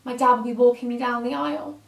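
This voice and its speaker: Young woman vlogger, high-ish voice, gushing and slangy, on the verge of tears, echoey room a bit off-mic. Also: steady tone, fast, gravelly, far from the mic. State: emotional, near tears. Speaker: beauty vlogger. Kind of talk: casual makeup tutorial chat. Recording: roomy echo, slightly off-mic.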